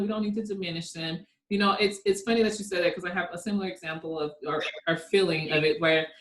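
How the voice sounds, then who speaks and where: A woman guest speaking in an earnest, reflective way over a video call, laughing softly now and then. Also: fairly low pitch. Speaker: guest, kindness network founder. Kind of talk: conversational interview. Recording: echoey room sound.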